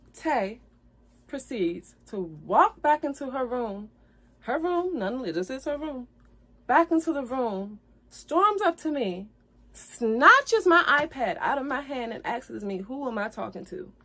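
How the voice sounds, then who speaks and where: A woman's voice: sits high, very animated, slow pace, bright, forceful tone. A woman vlogger earnestly telling the story of a past relationship, apologizing often, repeating herself and growing heated and tearful. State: tearful at times. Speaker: vlogger telling her side of a breakup. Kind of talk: emotional storytime vlog.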